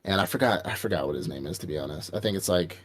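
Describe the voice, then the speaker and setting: Laid-back, low-voiced man recapping an anime. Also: lively intonation, very fast. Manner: rambling, profane storytelling with acted quotes. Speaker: podcast co-host. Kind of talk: casual anime review chat.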